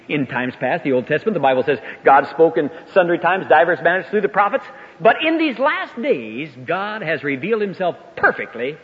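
An older man preaching a sermon in a folksy, emphatic way, his voice swinging up and down. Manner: animated, swooping pitch, folksy and emphatic. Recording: echoey hall, dull lo-fi sound.

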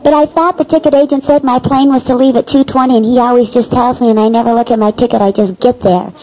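Animated woman telling a faith story. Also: on the high side, quick pace. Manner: animated, acts out the dialogue. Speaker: storyteller giving a Christian testimony. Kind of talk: spoken personal story. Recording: dull lo-fi recording.

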